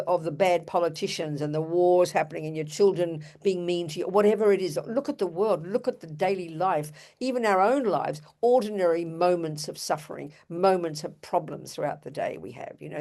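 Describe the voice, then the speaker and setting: A woman's voice: fairly low pitch, dark tone. An older woman giving an earnest, emphatic Buddhist dharma talk, with rhetorical asides to her audience. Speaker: Buddhist teacher.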